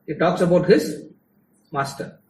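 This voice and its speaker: A man with a Tamil-English accent teaches a class in a chatty, teasing way. His voice sits a little high. It is picked up from some way off in a room full of echo. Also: measured pace, a little mellow, slight background noise. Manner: conversational, teasing the audience, mixing English and Tamil. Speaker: spiritual lecturer. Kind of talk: live lecture to a class. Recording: echoey hall, mic at a distance.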